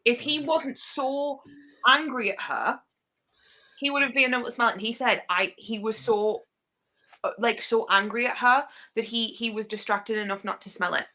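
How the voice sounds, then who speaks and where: A woman's voice: a little high, moderate pace, bright, forceful tone. A woman guest in a casual chat, talking in a chatty, wry way.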